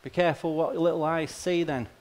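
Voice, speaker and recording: A man's voice: a little high, steady tone, fairly quick, a little mellow. A male pastor delivering a sermon in a conversational, plain-spoken way, often tossing rhetorical questions and wry asides to the congregation. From Australia.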